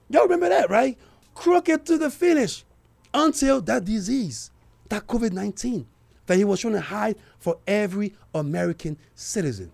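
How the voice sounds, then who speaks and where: A man's voice: high voice, very animated, normal speed, creaky, darkish tone. A man hosting a talk radio show, giving a heated political commentary and calling out to his listeners. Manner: heated and emphatic, addressing listeners directly.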